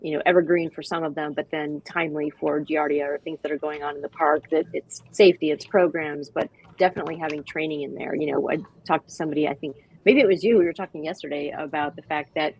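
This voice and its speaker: Lively low-voiced woman guest. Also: fast talker, few pauses, husky, rough recording. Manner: animated, acts out quoted voices with laughter. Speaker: guest, dog park expert. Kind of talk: enthusiastic casual talk on a video call.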